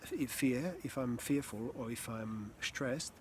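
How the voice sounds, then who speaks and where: Calm, earnest male voice coach. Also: medium pitch, slight background noise. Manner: calm, earnest, slow with pauses, occasional sighs and soft laughs. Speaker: communication and voice coach. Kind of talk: reflective teaching talk.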